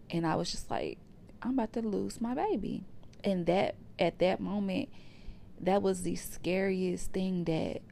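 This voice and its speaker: A woman's voice: lowish voice, creaky, dark tone. A young adult woman, hosting a podcast and telling a personal story in a conversational way, often calling her listeners "y'all". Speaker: podcast host. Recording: faint background hiss.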